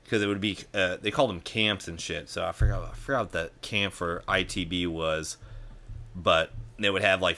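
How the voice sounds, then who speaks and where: A man's voice: low voice, pushed and bright. A young man telling stories in casual chat, rambling and swearing a lot, with many fillers. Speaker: podcast guest.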